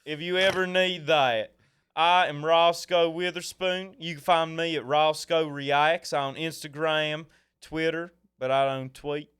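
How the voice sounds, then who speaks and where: A man with a smooth, resonant, slightly high voice jokes around as a guest on a casual comedy show. His banter is crude and fast. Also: steady tone, a bit bright.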